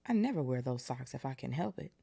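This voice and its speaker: A woman voicing a quiet teenage boy wizard from a storybook, speaking in a hushed, half-whispered way. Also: very deep voice, sing-song, fast talker, vocal fry, husky, full character voice. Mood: puzzled.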